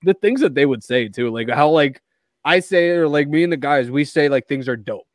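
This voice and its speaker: A man's voice: on the high side, moderate pace, dry recording. A man guesting on a casual podcast, telling stories animatedly, laughing often and saying "like" a lot.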